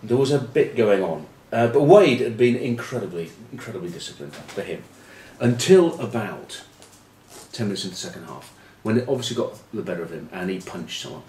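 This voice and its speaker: A middle-aged man telling rugby stories and giving predictions, wry and self-mocking, often trailing off into quiet asides. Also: lowish voice, expressive, fairly quick. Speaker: rugby pundit. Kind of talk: anecdotal storytelling preview. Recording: echoey room with faint ambient noise.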